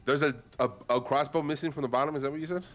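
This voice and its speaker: A man playing a tabletop game, talking in an excitable way, full of slang and swearing. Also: fairly high pitch, very fast, soft background music. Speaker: player.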